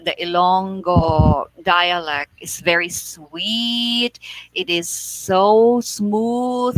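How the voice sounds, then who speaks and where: A Filipino woman vlogging casually, speaking slowly and expressively and acting out example phrases in a sing-song voice. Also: mid-range voice, fairly bright tone, dry recording, poor audio. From Philippines. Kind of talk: casual explanatory vlog.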